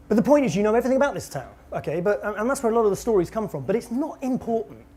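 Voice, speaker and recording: Animated playful man teaching kids. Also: high-pitched. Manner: playful and exaggerated, quick to laugh at his own jokes. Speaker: comic book author. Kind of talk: lively live talk to children.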